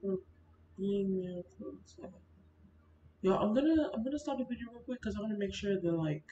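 A woman's voice: on the low side, mellow. A young woman talking casually through a screen-recorded gaming vlog, chatty and complaining, constantly speaking to her viewers as y'all. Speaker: Sims content creator. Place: indoors at a computer. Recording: roomy, dull built-in mic with faint fan noise.

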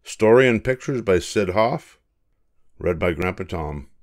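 An older man reading a children's picture book aloud, slow and expressive like a grandfather. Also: low voice. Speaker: storybook reader.

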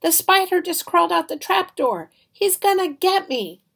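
A woman reading aloud, voicing a squeamish, sharp-tongued schoolgirl in a storybook. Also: lively intonation, a little slow. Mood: panicky. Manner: teasing, shrill.

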